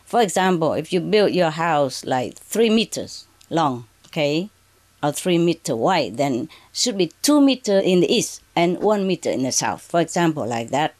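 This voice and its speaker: Low-pitched woman as a spiritual teacher; unhurried, halting, broken English, peppered with "okay"s. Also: big pitch swings, darkish tone. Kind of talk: addressing an audience from a prepared reading. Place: indoors under bright spotlights.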